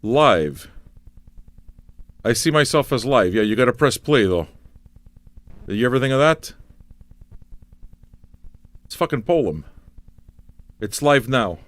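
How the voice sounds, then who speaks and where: A man's voice: mid-range voice, expressive, slow pace, pauses often, dry recording. A man hosting a live music stream show, rambling and swearing in playful exasperation. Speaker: radio show host. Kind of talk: casual livestream chat.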